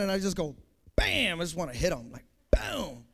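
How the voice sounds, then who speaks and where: Male preacher, high voice, very lively delivery, acts out scenes in his sermon. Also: a little fast. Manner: animated, acts out scenes, sound effects like boom.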